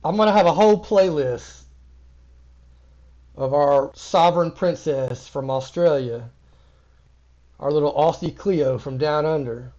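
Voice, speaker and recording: A man's voice: on the high side, unhurried, pauses often, dull audio. A man hosting a reaction video, talking casually and with disbelief. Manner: casual and incredulous, drifting quieter. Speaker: commentary host. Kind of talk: reaction commentary.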